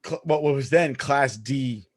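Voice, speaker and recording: Emphatic, profane man on a podcast. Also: mid-range voice. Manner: emphatic, profane, quick to argue. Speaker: podcast co-host. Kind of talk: casual chat.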